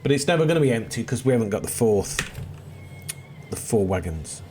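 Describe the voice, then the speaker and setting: A man's voice: on the low side, big pitch swings, brisk, a little mellow, soft background music. A middle-aged man giving chatty, self-deprecating gameplay commentary, often muttering to himself as he plays. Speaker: let's play host. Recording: noisy background with seagulls.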